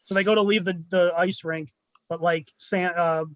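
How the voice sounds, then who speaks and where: A man with a notably high voice, talking in a bone-dry room close to the mic. He retells a movie plot in a loose, rambling way, putting on the characters' lines with a laugh. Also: steady tone, moderate pace, no room sound. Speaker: podcast co-host recapping a movie. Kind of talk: casual chat.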